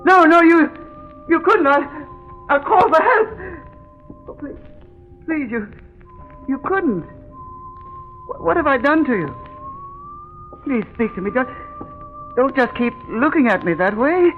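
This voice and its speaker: An actor playing an elderly, kindly police doctor in an old radio drama. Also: male voice, fairly high pitch, fairly even intonation, moderate pace, pauses often, natural voice. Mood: terrified. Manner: mutters to himself, then pleads in terror. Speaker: Doc Kilgore. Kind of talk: 1930s radio drama acting. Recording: muffled old radio recording with music.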